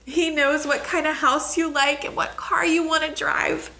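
A woman hosting and preaching a devotional teaching, fervent and emphatic, talking straight to the listener and swinging between soft words and exclaiming. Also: sits high, level tone, a little slow. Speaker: host and preacher.

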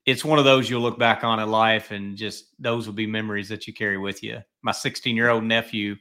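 Bright-voiced chatty man hosting a podcast. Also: on the low side, steady tone, a little fast. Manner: rambling, chatty storyteller. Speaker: podcast host. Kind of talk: casual podcast chat.

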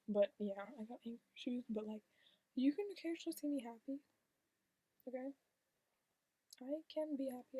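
A teenage girl vlogging in a hushed, half-whispered confessional monologue, blunt and deadpan, swearing often. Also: a little high, vocal fry, breathy edge, dry recording, poor audio. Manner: half-whispered, kept quiet on purpose.

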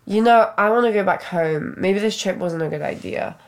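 A woman's voice: medium pitch, normal speed. A woman reading a fan story aloud on a casual podcast, breaking off with giggles and asides.

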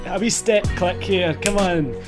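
A man doing a chirpy Scottish woman, high and drawling. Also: a little slow, over music. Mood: eager. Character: impression of a female Scottish singer, chatty and boastful.

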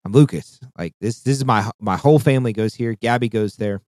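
A man's voice: mid-range voice, a little fast, darkish tone, no echo, clean studio sound. A man co-hosting a casual podcast chat, talking in a profane, rambling way with frequent restarts. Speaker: podcast co-host.

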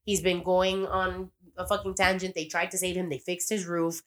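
A woman's voice: fairly low pitch, flat delivery, moderate pace. A young woman casually recapping a TV show as a podcast host, rambling and swearing, acting out lines as she goes. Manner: rambling, profane, acts out quoted lines.

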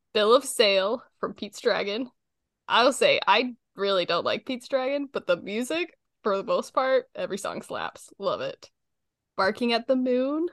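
A young woman co-hosting a casual chat, enthusiastic and quick to laugh. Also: mid-range voice, a bit bright, no room sound, clean studio sound. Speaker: podcast co-host.

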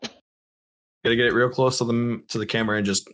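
A man's voice: mid-range voice, fairly even intonation, normal speed, fairly bright tone. A man hosting a casual podcast over a video call, joking with crude banter. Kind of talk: casual chat.

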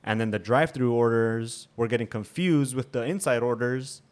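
A man's voice: mid-range voice, normal speed. A young man co-hosting a casual podcast at home, telling stories with lots of swearing and acted-out quotes. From Nebraska, US. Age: young adult. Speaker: podcast co-host. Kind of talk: casual chat. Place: home room.

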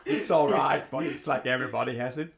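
Young man, halting chat. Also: mid-range voice, fairly even intonation, gravelly. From Switzerland. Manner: halting, laughing, non-native phrasing. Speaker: podcast guest, triathlete. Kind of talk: casual chat.

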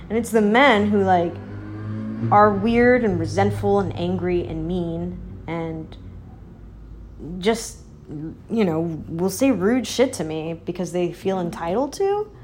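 A woman's voice: a little mellow, a little hiss or hum. Sardonic young woman rambling casually. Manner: sardonic, rambling, heavy use of "like"; mocks others in a high baby voice. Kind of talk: casual opinion monologue.

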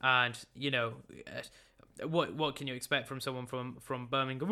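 Bright, chatty young man recapping football. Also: medium pitch, fairly even intonation, moderate pace. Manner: chatty, joking, stumbling over names. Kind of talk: casual football results recap. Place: room at a computer.

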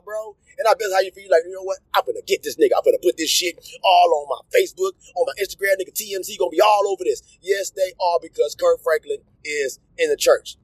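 Husky high-voiced man ranting. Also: dry recording, low-quality recording. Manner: animated, profane, loud outbursts. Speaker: commentator. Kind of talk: casual rant to camera.

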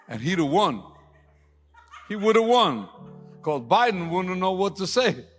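A man preaching and praying, who jokes casually, says "man" a lot, then rises to loud, fervent prayer. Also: high-pitched, very animated, normal speed, pauses often, faint music behind. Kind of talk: sermon and prayer.

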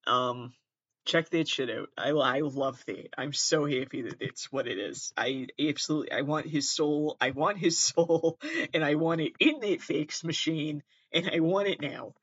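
A man's voice: a little high, normal speed, a bit bright, husky, no echo, highs cut off. A man with a Midwestern accent hosting his own podcast, reading aloud in a casual comedic way and often breaking into giggles and apologies. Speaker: podcast host.

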